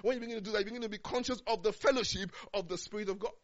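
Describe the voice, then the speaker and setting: A man preaching a sermon, swinging between loud urgent declarations and low, quiet speech. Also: rapid-fire, lo-fi sound.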